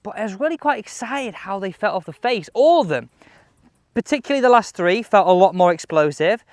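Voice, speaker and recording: A man chatting excitedly as he reviews golf clubs outdoors on a course. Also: sits high, brisk, no room sound, clean studio sound. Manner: chatty, excitable, thinking aloud. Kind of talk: casual on-course commentary.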